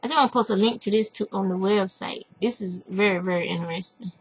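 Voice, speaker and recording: Gravelly Southern woman chatting casually. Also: mid-range voice, fast, low-quality recording. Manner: rambling, chatty, reads lists aloud with asides. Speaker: craft podcast host. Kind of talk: casual chat. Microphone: computer webcam mic.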